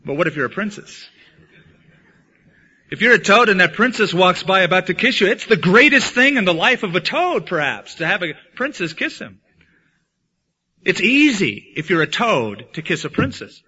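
A man preaching a sermon as pastor, swinging from loud emphatic lines to hushed ones. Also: sits high, big pitch swings, moderate pace, slightly rough. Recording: dull lo-fi sound.

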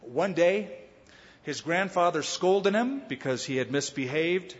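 A man pastor preaching a conversational Bible teaching, with dramatic pauses and voiced quotes. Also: on the high side, animated. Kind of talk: sermon. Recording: dull lo-fi sound with long hall reverb.

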